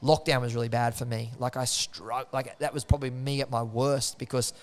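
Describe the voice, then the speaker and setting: A man's voice: medium pitch, level tone, brisk. A man talks casually as a guest in an interview. He tells his stories animatedly, slipping into the voices of the people he quotes and laughing often. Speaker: interview guest, martial arts coach.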